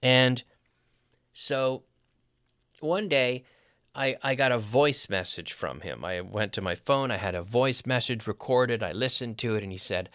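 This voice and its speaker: A man's voice: medium pitch, measured pace, fairly bright tone, no room sound, clean studio sound. A man teaching a lesson on a podcast, explaining with repeated spoken examples and rhythm drills. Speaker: English teacher.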